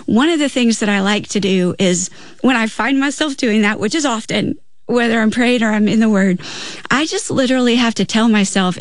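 A woman's voice: on the high side, normal speed, no echo. Earnest woman telling a faith story. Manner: earnest, storytelling, acts out her own prayers. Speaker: guest author.

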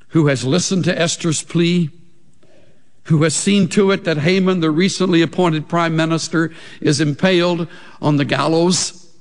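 A man preaching a sermon as a pastor, slow and emphatic, with big swings in pitch and loudness. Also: big-room sound.

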